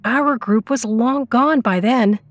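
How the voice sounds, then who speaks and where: A woman voicing a young male student president who is hot-tempered and desperate, hissing, shouting and pleading. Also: fairly high pitch, slow pace, no room sound, pitched above the performer's own voice. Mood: angry.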